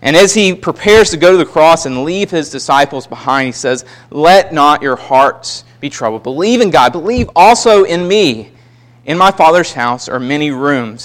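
A man's voice: fairly high pitch, expressive, moderate pace, fairly bright tone. A man preaching a sermon, reading scripture aloud and stressing key words with emphasis.

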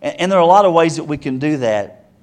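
A man's voice: on the high side, expressive, fast talker. Earnest man preaching in rhetorical questions. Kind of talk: sermon.

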